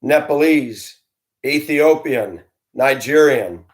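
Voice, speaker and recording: A middle-aged man recounting his years as a school bus driver in an easygoing, conversational monologue. His voice sits at an ordinary male pitch, and he talks straight to his listeners as he tells the story. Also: expressive, slow pace. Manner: conversational, addresses listeners directly, acts out dialogue in his telling.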